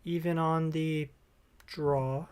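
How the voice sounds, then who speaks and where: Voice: medium pitch, steady tone, slow, a little mellow, clear, resonant tone. A streamer giving casual live commentary while playing a card game, thinking aloud in an upbeat, easygoing way.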